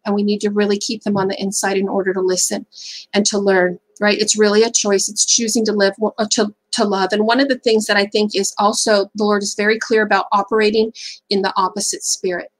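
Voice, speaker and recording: A woman's voice: mid-range voice, flat delivery, a little fast, low-quality recording. A middle-aged woman speaking at a faith-based seminar, candid and conversational, often checking in with "right?".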